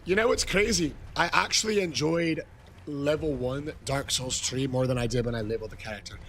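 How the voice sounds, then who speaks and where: A man livestreaming a game, reading chat and bursting into shouted greetings between casual muttering. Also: mid-range voice, brisk, a little hiss or hum. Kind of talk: excited live-stream chat.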